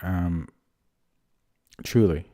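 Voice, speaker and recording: A man's voice: sits low, drawn-out words, background noise. A young man streaming himself playing chess, rambling and self-deprecating as he thinks aloud in casual commentary.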